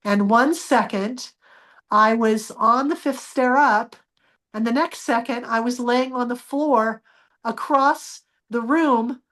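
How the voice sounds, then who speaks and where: A woman's voice: fairly high pitch, slow, fairly bright tone. A woman guest in an interview, earnestly telling a personal story and acting out the dialogue she remembers.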